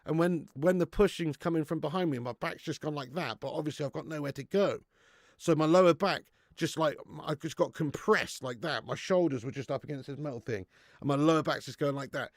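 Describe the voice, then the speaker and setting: A man hosting a fan watch-along live stream, chatty and rambling, swearing freely as he reads out viewer comments. His voice has a gravelly, fry-heavy grain. He is heard close on a dry-sounding mic. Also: on the high side, fairly quick, dry recording.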